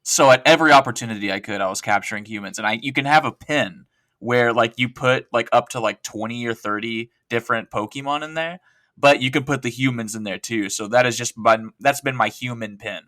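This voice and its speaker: A man's voice: mid-range voice, brisk, bright, forceful tone, no echo, studio quality. A man appearing as a podcast guest, telling rambling, self-deprecating stories in casual chat. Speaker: podcast guest, co-host of another show.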